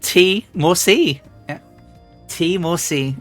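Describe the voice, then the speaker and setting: A woman streamer chatting casually and rambling as she flies a simulator, often restarting and clearing her throat. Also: on the low side, normal speed, a bit bright, no echo, soft background music. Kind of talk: casual live-stream chat while flying a flight simulator.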